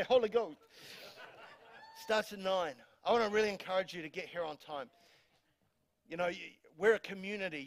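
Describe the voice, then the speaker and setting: New Zealand male pastor, higher voice, emphatic sermon delivery, repeats himself, jokes with the congregation. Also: fairly bright tone. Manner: emphatic, repeats words, reads scripture aloud, jokes with congregation. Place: church hall.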